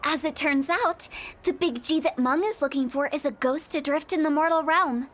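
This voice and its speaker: A woman's voice: high voice, normal speed, fairly bright tone, slight background noise. A woman voicing a playful, mischievous young funeral director in a video game, talking with teasing, giggly sales patter. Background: game music.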